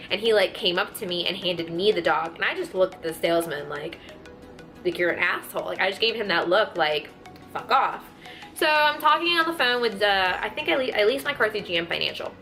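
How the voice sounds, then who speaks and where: Bright-voiced young woman ranting. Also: mid-range voice. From Texas, USA. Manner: animated, swearing, exasperated. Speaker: vlogger. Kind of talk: casual storytime rant. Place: room at home.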